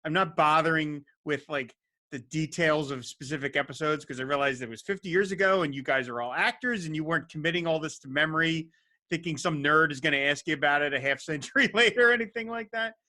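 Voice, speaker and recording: Bright-voiced eager male podcast host. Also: fairly high pitch, fast talker. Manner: eager, self-deprecating fan. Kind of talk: interview chat.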